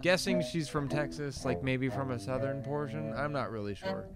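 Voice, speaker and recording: A man rambles through a crude anecdote in relaxed podcast banter. His pitch is middling. Loud music plays behind him. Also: moderate pace. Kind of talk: casual comedy storytelling.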